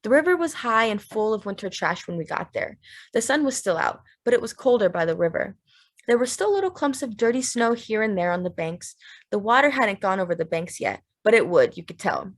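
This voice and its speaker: A woman narrating a literary audiobook in a steady, measured, plain way. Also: medium pitch.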